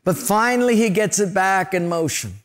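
With a high, fairly bright voice at normal speed, a pastor tells stories in his sermon. He dramatizes them by doing voices and sound effects.

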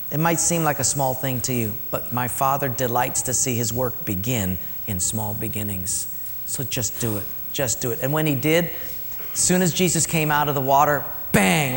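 Guy preaching in a big echoey church, goes loud then hushed, voice a bit high. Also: slight background noise. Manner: storytelling, swings between loud and hushed. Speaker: pastor. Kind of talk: sermon. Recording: reverberant hall, faint ambience.

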